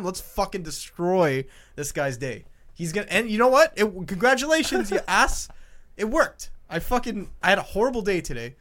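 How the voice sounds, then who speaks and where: Young guy podcasting, high voice that swings all over, swears a lot, laughs mid story. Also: fairly quick. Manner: animated, crude, laughs through his stories. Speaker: podcast co-host. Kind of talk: casual chat.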